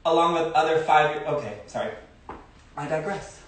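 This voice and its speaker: Male dance teacher, live-streamed class, counts steps, chatty asides, slightly high voice, distant phone mic in a very echoey room. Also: normal speed.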